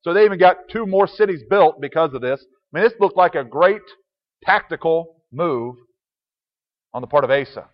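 A pastor preaching a conversational sermon with chuckling asides, reading and explaining scripture. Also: male voice, fairly high pitch, expressive, moderate pace, long reverb tail, dull audio.

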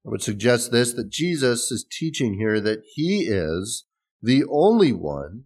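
A man's voice: fairly low pitch, a little mellow. A man preaching a sermon in a conversational way, explaining scripture with restarts and small laughs. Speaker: pastor.

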